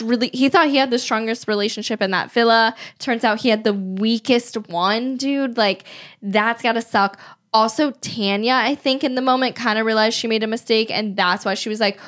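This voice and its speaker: A woman's voice: fairly high pitch, fairly bright tone. A young woman co-hosting a podcast in casual chat, blunt and opinionated with plenty of slang. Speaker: podcast co-host.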